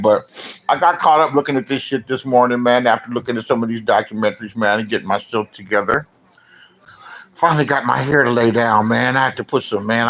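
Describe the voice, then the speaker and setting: A middle-aged man from Los Angeles giving casual livestream commentary, rambling and profane, often swinging into loud rants. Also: lowish voice, a little hiss or hum, low-quality recording. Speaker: vlogger.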